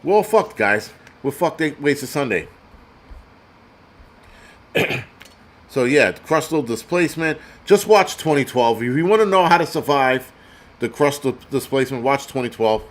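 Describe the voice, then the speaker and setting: A man's voice: mid-range voice, expressive, unhurried, pauses often. A man hosting a prepper show, ranting in crude, sarcastic live-stream commentary and reading out donor names. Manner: reads donor names aloud. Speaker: prepper channel host.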